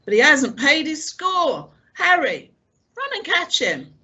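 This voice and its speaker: A woman's voice: high-pitched, very animated, takes it slowly, pitched above the performer's own voice, heavily acted. Long John Silver, a woman voicing a blustering pirate. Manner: blustering, loud, stern. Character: gruff one-legged male pirate innkeeper, cunning.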